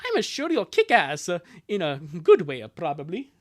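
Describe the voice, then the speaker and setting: A woman voicing a blunt, energetic tomboy teenage sister in a live fan dub of a cartoon comic. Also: on the low side, normal speed. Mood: breezy.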